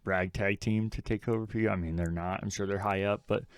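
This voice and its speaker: A man's voice: lowish voice, fairly even intonation, brisk, clear, resonant tone, no echo. A man co-hosting a podcast in casual chat, blunt and swearing freely as he mocks lines he quotes. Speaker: podcast co-host.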